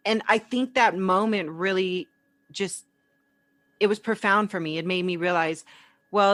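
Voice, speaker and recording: A woman guest on a podcast interview, telling stories in a relaxed, conversational way and laughing easily. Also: fairly low pitch, no room sound. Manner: warm storytelling, laughs easily. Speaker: podcast guest, entrepreneur and speaker.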